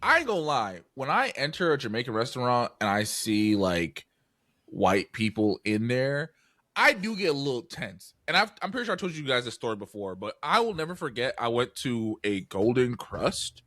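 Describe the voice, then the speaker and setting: A man, co-hosting a podcast, telling a story with swearing and rising to yelling. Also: medium pitch, very animated, moderate pace, dry recording, studio quality. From New York area. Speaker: podcast co-host. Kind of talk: casual podcast chat.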